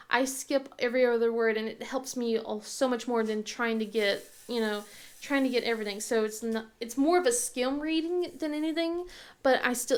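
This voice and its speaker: Chatty woman with a higher voice. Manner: rambling, halting with many fillers and restarts. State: tearful at times. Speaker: crafting channel host. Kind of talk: casual chat.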